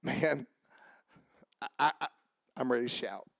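A man preaching a sermon as pastor, shifting between shouted, rhythmic runs and a lower conversational tone, with jokes for the congregation. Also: a little slow, vocal fry, dry recording. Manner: joking with the congregation.

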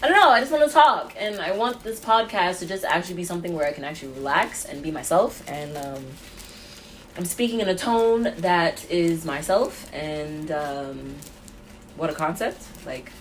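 A woman's voice: lowish voice, lively intonation, moderate pace, slight background noise. A young woman and mom rambling in a casual podcast monologue, jittery from too much coffee and laughing often. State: over-caffeinated jitters.

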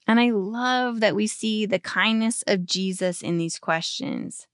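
A woman in her thirties hosting a devotional podcast, teaching scripture with earnest, expressive storytelling that slows and softens on tender points. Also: mid-range voice, no echo, studio quality. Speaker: podcast host.

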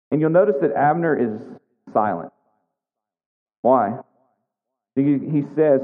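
Male preacher, conversational sermon style, fairly high voice, thin phone-like recording. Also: a little slow, pauses often. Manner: conversational, repeats words, asks "right?". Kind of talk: sermon with scripture reading. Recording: tinny phone-like sound in a long echoing hall.

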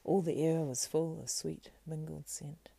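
Hushed, gravelly woman reading a fantasy tale. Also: low voice, fairly even intonation, no echo. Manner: slow, hushed, breathy, unhurried. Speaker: reader. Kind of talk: soft, partly whispered fantasy book reading.

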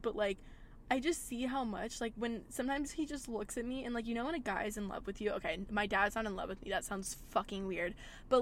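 A woman's voice: fairly high pitch, slight background noise. A young woman hosting a podcast from a parked car, talking casually with lots of "like" and frequent swearing. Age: young adult. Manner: chatty, swears a lot, says "like" often. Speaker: podcast host. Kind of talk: casual chat. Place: car in a gas station parking lot.

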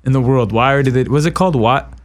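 A man hosting a casual interview podcast, talking animatedly with quick asides and frequent laughter. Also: medium pitch. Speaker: podcast host.

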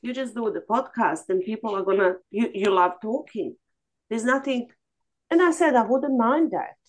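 A woman's voice: fairly high pitch, moderate pace, low-quality recording. Blunt, swearing woman venting. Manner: blunt, swears freely, animated. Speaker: coaching group participant. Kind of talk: emotional candid sharing on a group call. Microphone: video call.

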